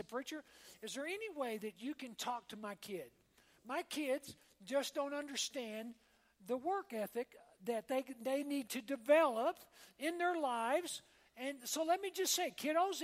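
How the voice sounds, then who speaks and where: A woman pastor delivers a sermon from the pulpit in a homey, conversational way, checking in with the congregation as she talks. Her voice sits high. The sound carries a long reverb, as if it fills a large church sanctuary. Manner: conversational preaching, often checking in with "all right?" and "amen?".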